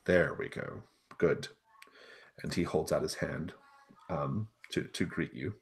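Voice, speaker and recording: A man narrating a tabletop game as game master, relaxed and improvising with many fillers. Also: extremely low pitch, slow pace, gravelly.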